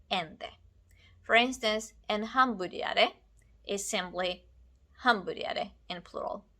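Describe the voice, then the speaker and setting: A woman teaching a language lesson, explaining grammar rules in a clear, deliberate way. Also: medium pitch, sharp tone. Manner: clear, deliberate, spelling out endings. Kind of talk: slow scripted lesson.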